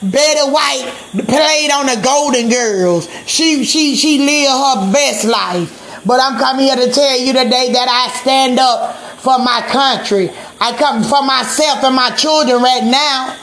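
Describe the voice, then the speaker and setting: A woman from Georgia in the United States ranting in a monologue to camera. She rambles and repeats herself, swears often, trips over filler words and breaks into shouting. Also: sits high, a little slow. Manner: rambling, repetitive, profane, stumbles over fillers. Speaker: vlogger.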